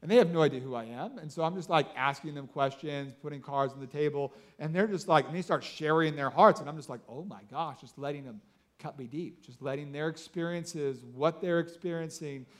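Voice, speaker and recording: A man in his thirties preaching a sermon, telling stories excitedly with lots of fillers like "like" and "you know". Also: a little high, fairly quick. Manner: excitable storytelling with many fillers. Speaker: pastor.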